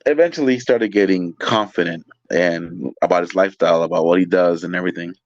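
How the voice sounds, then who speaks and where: Telling wild stories as a guest, this Californian waiter talks fast in a low voice, animated and full of swearing and "like" fillers in a casual storytelling style. The sound is lo-fi, with no echo.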